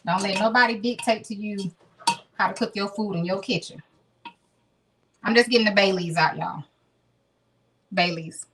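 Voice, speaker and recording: A woman's voice: medium pitch, moderate pace, pauses often, fairly bright tone, breathy edge. A woman in her thirties hosting a casual live cooking stream from her home kitchen, chatting straight to her viewers. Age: 30s. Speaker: home cooking show host.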